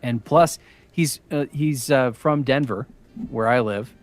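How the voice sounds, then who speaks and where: A man, a voice actor and a father, chatting casually as a podcast guest, pausing often with fillers and restarts. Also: medium pitch, faint music behind. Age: adult with young children. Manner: hesitant, many fillers and restarts.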